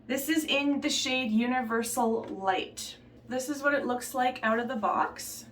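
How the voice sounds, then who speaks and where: A woman chatting casually through a makeup tutorial in a relaxed, offhand way, slipping into a put-on Southern belle accent. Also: sits high, measured pace, roomy sound, recorded from a distance, slight background noise. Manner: relaxed, chatty, trailing off and restarting while applying makeup. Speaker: beauty vlogger.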